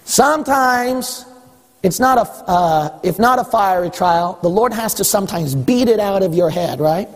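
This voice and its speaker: A male pastor preaching a sermon in a church, emphatic and repetitive, rising at times to a shout. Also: high voice, animated, measured pace. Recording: long hall reverb.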